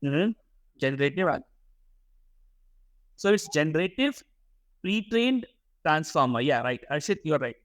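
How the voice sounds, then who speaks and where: A man's voice: a little high, animated, a little slow, pauses often, dry recording. A young man teaching a workshop class, often repeating words and putting questions to the students. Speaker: workshop instructor. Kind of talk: classroom lecture.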